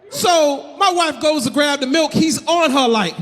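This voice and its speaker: A male comedian performing loud, punchy stand-up comedy live in a venue. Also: very high-pitched, animated, normal speed, hardly any pauses. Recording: long hall reverb, faint noise.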